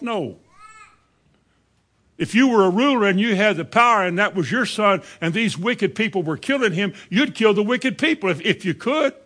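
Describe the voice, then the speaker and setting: Older male preacher, conversational sermon. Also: a bit bright. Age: 70s. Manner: conversational, rhetorical questions, swings between low and high.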